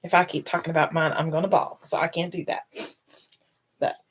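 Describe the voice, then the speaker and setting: Low-voiced woman chatting tearfully on a stream. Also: level tone, brisk, slight background noise. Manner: rambling, emotional, fighting back tears. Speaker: host. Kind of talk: casual live-stream chat.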